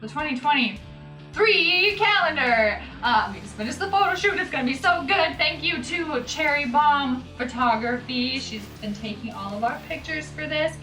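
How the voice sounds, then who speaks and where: A woman's voice: high-pitched, lively intonation, moderate pace, sharp tone, reverberant, faint music behind. A woman co-hosting a podcast in a casual, playful chat, giggling and putting on a jokey announcer voice. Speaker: podcast co-host.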